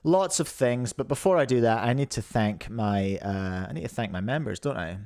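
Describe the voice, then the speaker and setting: A man's voice: medium pitch, lively intonation, normal speed, a little mellow. A man with a New Zealand accent hosts a casual live podcast stream, chatting and jokily greeting viewers by name. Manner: chatty, jokey, reads out chat names. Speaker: podcast host.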